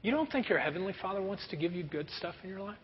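A pastor preaching a sermon to a congregation, lively and often acting out everyday scenes in quick put-on voices. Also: male voice, sits high, slight background noise. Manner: animated, acts out kids and parents in quick voices. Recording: muffled sound with long hall reverb.

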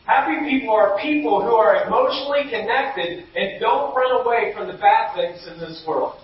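High-voiced pastor preaching in an echoey church. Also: male voice, normal speed, hardly any pauses, slight background noise. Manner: storytelling with acted-out quotes, rising to shouts. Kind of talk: sermon. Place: church sanctuary. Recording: dull, echoey hall from far off.

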